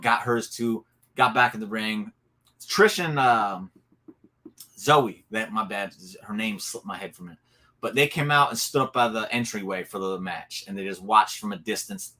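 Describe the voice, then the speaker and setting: Excitable man recapping wrestling. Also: medium pitch. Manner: excited, animated storytelling with laughs and asides. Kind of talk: casual solo recap talk.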